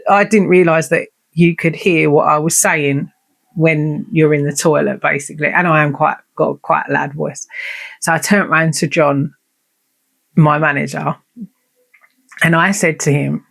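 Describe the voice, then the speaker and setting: A chatty woman hosts her own podcast and tells a long personal story. She talks in a blunt, sweary and self-mocking way. Her voice has a gravelly fry to it. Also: sits low, fairly even intonation, unhurried, a bit bright. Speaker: podcast host. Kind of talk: casual storytelling monologue.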